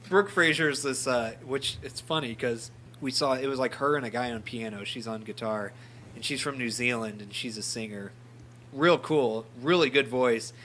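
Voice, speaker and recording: A man co-hosting a podcast, telling a story in a lively joking way, laughing and swearing casually. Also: medium pitch, normal speed, slight background noise. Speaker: podcast co-host. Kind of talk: casual chat.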